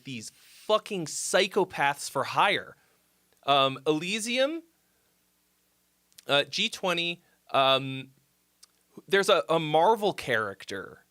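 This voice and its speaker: Lively, bright-voiced male streamer. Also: on the high side. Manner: rambling, profane, easily excited; reads viewer comments aloud and replies. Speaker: livestream host giving song critiques. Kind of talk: casual live-stream chat.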